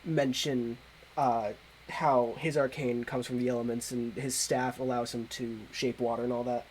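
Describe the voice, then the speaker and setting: A man narrating a tabletop game as game master, relaxed and a little halting. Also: medium pitch, a little hiss or hum, rough recording. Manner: relaxed, hesitant narration with fillers.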